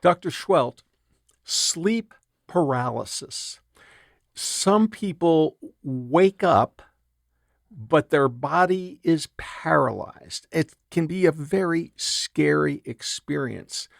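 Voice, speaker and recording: Gravelly male host asking direct questions. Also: on the high side, expressive, slow pace, no echo, clean studio sound. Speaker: radio show co-host. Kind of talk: interview questions.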